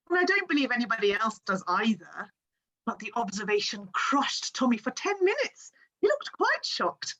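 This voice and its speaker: A woman's voice: a little high, a bit bright, low-quality recording. An actress playing a vain, witty young society woman, delivering her lines with arch, playful comic timing. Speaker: amateur stage actress. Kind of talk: stage play performance.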